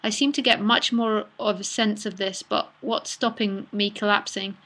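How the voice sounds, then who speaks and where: A woman hosting a casual live-streamed talk, reading out viewers' messages and answering them in a relaxed, chatty way with soft murmured asides. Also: mid-range voice, moderate pace. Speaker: nonduality speaker answering live chat questions.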